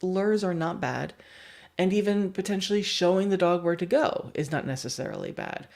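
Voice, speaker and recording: A woman's voice: lowish voice, expressive, moderate pace, creaky, darkish tone. A woman dog trainer explaining a training lesson on a livestream, asking the viewers questions and laughing often.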